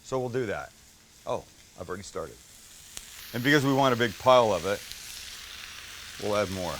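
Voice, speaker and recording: A man's voice: on the low side, lively intonation, moderate pace, fairly bright tone, slight background noise. A middle-aged man hosting a cooking show, talking casually and enthusiastically while he cooks, cracking jokes and swearing a little. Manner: enthusiastic, joking, mildly profane. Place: kitchen with a flat-top grill.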